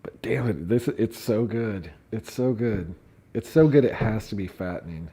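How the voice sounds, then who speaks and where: Dude streaming, reading stuff out loud and cracking up, swears a lot, low husky voice. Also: male voice, expressive, moderate pace. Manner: laughing fits, swearing, mocking readings. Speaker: streamer reading court filings. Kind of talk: casual commentary livestream.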